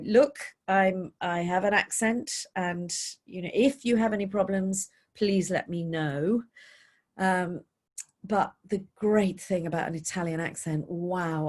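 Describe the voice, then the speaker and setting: A British woman, a voice coach, giving expressive advice in a webinar question-and-answer session. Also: lowish voice.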